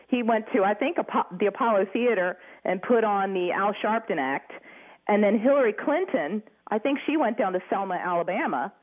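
A woman calling in to a radio talk show and making her point in a brisk, confident way. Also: medium pitch. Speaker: caller. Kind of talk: call-in radio comment. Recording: tinny phone line.

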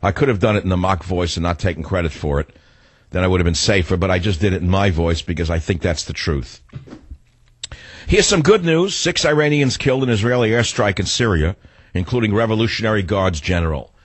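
A man's voice: low voice, fast talker, slightly rough, no echo. An older man hosting a talk radio show, delivering a combative, sarcastic monologue.

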